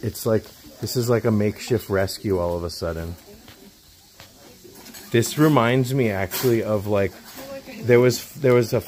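A man with a fairly low voice hosts an on-location rescue vlog. He is chatty and earnest, and he explains care tips as he goes. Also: moderate pace, pauses often, a little mellow. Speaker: host of animal rescue channel. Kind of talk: casual on-location vlog chat.

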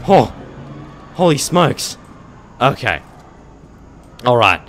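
A young man giving jokey, excitable gameplay commentary, talking back to the monsters on screen. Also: lowish voice, brisk, slight background noise. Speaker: let's play gamer.

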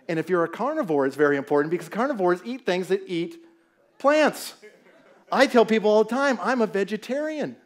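Animated high-voiced man preaching. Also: fairly quick. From Southern California. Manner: animated, storytelling, jokes with the audience. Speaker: guest pastor. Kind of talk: sermon with humor. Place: church sanctuary.

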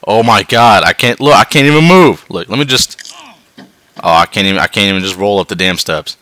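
A man swearing his way through a game, dropping to tired mutters and then yelling in excitement. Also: lowish voice, brisk, dry recording. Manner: swearing, swinging between mutters and yelps. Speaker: gameplay commentator. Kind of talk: profane let's-play commentary.

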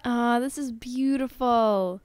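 A young woman giving casual gameplay commentary, excitable and gushing as she talks to her viewers. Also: a little high, takes it slowly, smooth, no room sound. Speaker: gaming video host.

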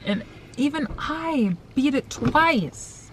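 A woman co-hosting in casual chat, quiet and soft-spoken. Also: high voice, animated, slow, slight background noise. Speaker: co-host, partner.

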